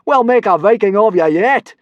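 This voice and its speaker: A man's voice: high-pitched, animated, normal speed, dry recording, lo-fi sound, voice pushed up. Bellowing giant Viking teacher, read by a man, dry close storybook voice. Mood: roaring. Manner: bellowing, roaring. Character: huge booming male Viking teacher.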